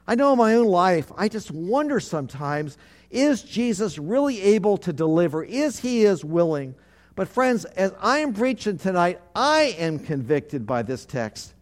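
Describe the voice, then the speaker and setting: High-voiced man preaching a sermon. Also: very animated, normal speed, a little mellow. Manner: call-and-response preaching, congregation repeats phrases; earnest, repetitive emphatic phrasing. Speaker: pastor.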